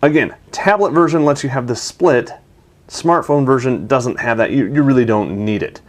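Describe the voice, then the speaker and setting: A man's voice: mid-range voice, normal speed. A man hosting a tech video, narrating a product demo in an enthusiastic, chatty way.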